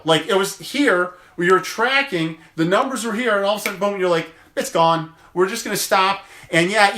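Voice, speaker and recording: A chiropractor talking casually to viewers in a phone livestream, emphatic and full of rhetorical questions. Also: male voice, on the high side, bright, forceful tone.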